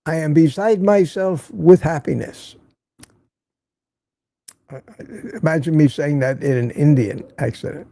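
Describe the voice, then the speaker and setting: An older man with a gravelly, fairly high voice hosts a relaxed livestream, greeting viewers by name and ribbing them in a chatty way. His tone is mellow and the sound is dry and close. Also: unhurried, pauses often, no room sound. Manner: reads viewer comments aloud, teasing and chatty. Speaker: livestream host. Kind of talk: casual livestream chat. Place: home in Florida.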